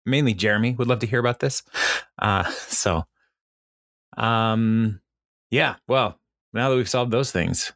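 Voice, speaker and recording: A man's voice: lowish voice, a little slow, pauses often, fairly bright tone, no room sound, studio quality. A man co-hosting a podcast, recapping a TV episode in casual, meandering chat and chuckling often. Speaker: podcast co-host.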